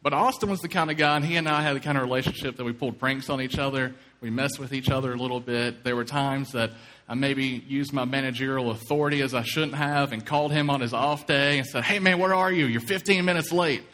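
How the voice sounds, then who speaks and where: A pastor from Kentucky preaches a sermon, telling a story and acting out the voices he quotes. His mid-range voice is steady, fast, and a bit bright, with a long hall reverb on the recording.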